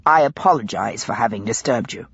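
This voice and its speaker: A woman voicing a stern, hot-tempered male police inspector who speaks gruffly through clenched teeth. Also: a little high, very animated, unhurried, a bit bright, no echo, muffled recording, pitched below the performer's own voice, full character voice. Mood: forced civil. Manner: gruff and clipped, ground out between teeth.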